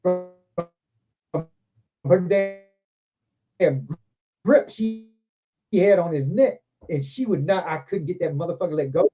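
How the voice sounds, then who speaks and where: A man with a somewhat high but mellow, dark-toned voice, hosting a casual livestream. He tells long, rambling stories full of swearing, jumping between thoughts and getting animated as he goes. It sounds like relaxed, unscripted chat. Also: slow pace, pauses often, husky, faint music behind. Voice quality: profane, rambling, animated anecdotes. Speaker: livestream host.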